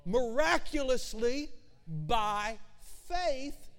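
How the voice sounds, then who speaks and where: A man preaching a sermon as pastor, animated, with conversational asides and acted-out voices. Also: extremely high pitch, drawn-out words. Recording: long hall reverb.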